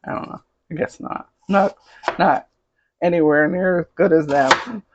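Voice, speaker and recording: A middle-aged woman hosts a cooking video from her home kitchen, chatting to the camera in a casual, rambling way as she cooks. Her fairly low voice is a little slow, and the lo-fi recording picks up a noisy kitchen full of clattering pots, pans and dishes.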